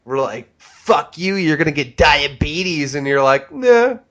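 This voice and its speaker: A man's voice: fairly high pitch, sing-song, measured pace, fairly bright tone, muffled recording. A man co-hosting a casual podcast, telling stories with frequent swearing and heated bursts. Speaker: podcast co-host. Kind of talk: casual profane chat.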